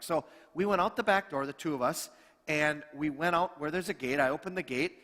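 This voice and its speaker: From the pulpit, a middle-aged male pastor delivers a storytelling sermon in a slightly high, animated voice, slipping into the voices of the characters in his stories. A long church-sanctuary reverb trails his words.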